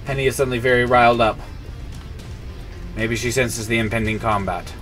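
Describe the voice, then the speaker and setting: A man's voice: medium pitch, fairly even intonation, brisk, pauses often, fairly bright tone, faint music behind. A man streaming a video game, ranting about the story and swapping mild words in for swearing. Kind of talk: casual gameplay commentary.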